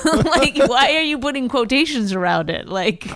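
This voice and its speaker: A woman's voice: on the high side, expressive, moderate pace, few pauses. A woman stand-up comedian chatting casually, telling a rambling story full of restarts and quoted voices. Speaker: stand-up comedian, podcast co-host. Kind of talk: casual chat.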